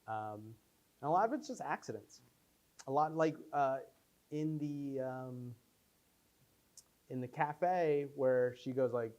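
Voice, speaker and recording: This young man is a filmmaker fielding audience questions at a relaxed post-screening Q&A. He speaks unhurriedly in a mid-range voice. His storytelling is animated and rambling, packed with fillers and false starts.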